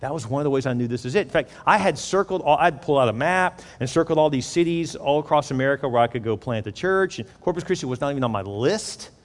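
A man from Houston, Texas preaching a storytelling sermon as a pastor, animated and acting out the dialogue he quotes. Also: medium pitch, fast talker, hardly any pauses. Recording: long reverb of a large hall.

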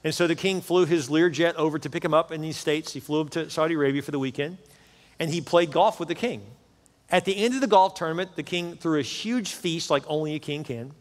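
Fervent preacher in an echoing hall. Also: male voice, on the high side, a little fast. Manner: fervent, repeats words for emphasis. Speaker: pastor. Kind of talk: sermon. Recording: long hall reverb.

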